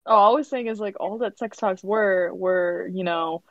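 A young woman co-hosts a podcast, telling a story in casual, giggly chat, laughing often and filling gaps with lots of "like." Her voice is medium-pitched and moderately paced, with no echo, though the lo-fi recording sounds slightly dull.

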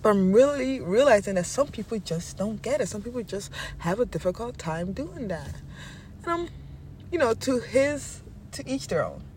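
A man giving a casual motivational monologue, animated and self-assured, talking in quick bursts about mindset. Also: high-pitched, background noise. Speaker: self-help speaker.

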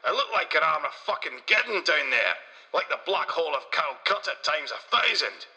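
A man doing a brash, swaggering Scottish inventor with a sharp, piercing brightness and a slightly raised pitch. He boasts and curses in broad dialect, and a long reverb trails behind every line. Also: big pitch swings, normal speed, exaggerated voice. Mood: boastful.

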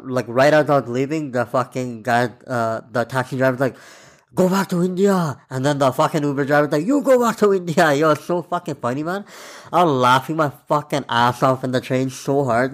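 Rambling, profane young podcast guy. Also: medium pitch. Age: 20s. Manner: loose, profane and rambling, full of fillers. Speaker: podcast host. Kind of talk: casual storytelling monologue.

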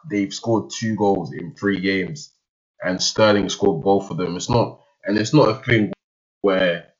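A young man, chatting casually about football, analytical but slangy. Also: low voice. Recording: dull lo-fi audio.

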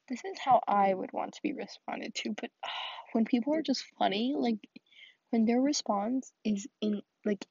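A teenage girl venting alone on her podcast, rambling and acting out her chats, dropping now and then into soft whispers. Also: medium pitch, gravelly, husky, lo-fi sound. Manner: rambling, quotes conversations with "I was like". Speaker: podcast host. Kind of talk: solo venting monologue. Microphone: earphones with mic.

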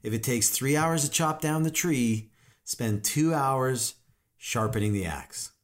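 A man's voice: mid-range voice, expressive, measured pace. Emphatic male real estate coach. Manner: emphatic, rhetorical questions. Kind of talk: motivational monologue.

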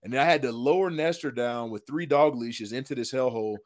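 A man, a retired football lineman, telling a hunting story in a casual, animated, slangy way, full of "dude" and "man". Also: mid-range voice, a little fast.

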